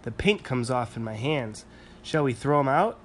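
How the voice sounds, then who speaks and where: A man's voice: mid-range voice, animated, normal speed, slight background noise, close to an everyday voice. A practical, level-headed mother from a bedtime storybook, read by a man. She speaks firmly and plainly, with a slightly raised voice. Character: practical mother, calm and firm.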